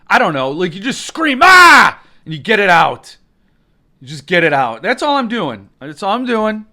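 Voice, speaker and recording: A man's voice: high voice, big pitch swings, normal speed, bright, forceful tone. A man hosting a live stream, ranting in a rambling, mock-outraged way, and he breaks into sudden screams.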